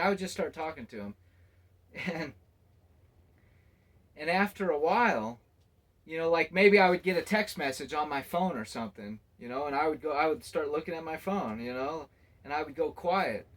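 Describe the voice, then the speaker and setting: High-voiced exasperated man ranting. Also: animated, moderate pace, a bit bright. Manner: exasperated, rambling, laughs often. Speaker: travel vlogger. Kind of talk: casual monologue to camera.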